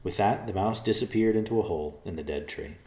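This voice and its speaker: A man narrating a storybook aloud in an expressive way. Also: lowish voice, fast. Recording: roomy echo.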